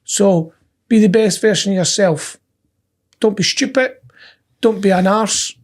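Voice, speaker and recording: A man co-hosting a business podcast, telling stories in a casual, animated way and acting out the quotes. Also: high voice, a little slow. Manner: animated storyteller who acts out quotes. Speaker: podcast co-host. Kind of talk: casual chat.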